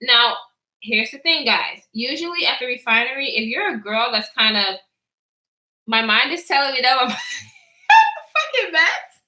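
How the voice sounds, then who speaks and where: A woman's voice: fairly high pitch, moderate pace, pauses often, reverberant. A young woman vlogger casually telling a story time, acting out what people said and laughing often. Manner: animated, acts out quotes, reads live chat, laughs often.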